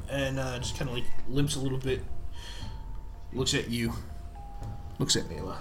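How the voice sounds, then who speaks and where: A young man narrating a tabletop game as game master, lively and chatty, often laughing. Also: mid-range voice, moderate pace, long pauses, soft background music.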